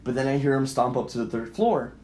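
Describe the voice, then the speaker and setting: A young man co-hosting a podcast, telling a story casually with lots of swearing and acted-out shouting. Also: medium pitch, quick pace, roomy sound, slight background noise. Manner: animated, profane, acts out voices and shouts in quotes. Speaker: podcast co-host.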